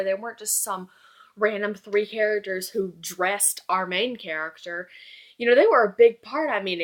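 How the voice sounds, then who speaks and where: A young woman reviewing a book in casual chat, gushing and rambling as she fangirls. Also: medium pitch.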